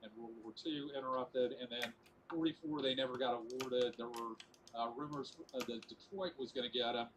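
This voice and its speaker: A man with a mid-range voice lays out dates and facts in a steady, matter-of-fact way on a podcast. He fills in with the odd "uh" over a faint background hiss. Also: mid-range voice, brisk. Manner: factual, steady, with fillers. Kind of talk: casual informative chat.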